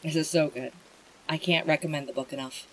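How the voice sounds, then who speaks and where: A streamer reading a bedtime story aloud and chatting with viewers, in a gentle, emotional way. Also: medium pitch, steady tone, brisk, a little hiss or hum, poor audio.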